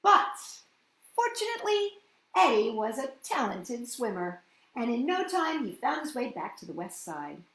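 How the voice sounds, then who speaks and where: A woman hosting a children's story reading, gentle and sing-song, often asking her listeners questions. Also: a little high, sing-song, unhurried. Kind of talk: children's storybook read-aloud. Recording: roomy echoey room.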